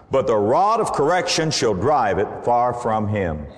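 A man preaching a sermon, animated and emphatic, quoting scripture. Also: medium pitch, moderate pace, hardly any pauses, long reverb tail.

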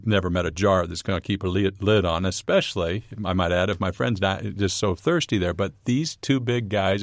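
A middle-aged man tells his story in an animated, wry way, with a low voice. The sound is dry and close-miked. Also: no room sound. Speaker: interview guest. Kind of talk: storytelling in an interview.

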